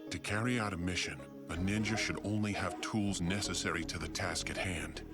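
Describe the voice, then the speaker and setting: Play a man doing a cold teenage boy ninja from an anime dub. Keep it low and flat, clipped and dismissive, with a music score underneath. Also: normal speed, lightly acted. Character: cold rule-bound teen boy ninja.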